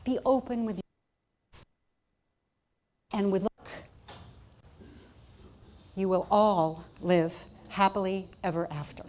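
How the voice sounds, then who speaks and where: A woman speaking as a keynote at a conference, telling personal stories with energy. She slips into quoted voices as she goes, pitch jumping up for the people she plays. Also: slow pace, long pauses, slight background noise. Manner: animated, acts out quoted voices. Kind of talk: storytelling conference speech. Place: conference hall.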